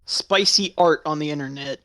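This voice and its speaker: A man's voice: a little high, normal speed, a bit bright. A man chatting casually, laughing often through crude, sarcastic remarks. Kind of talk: casual chat.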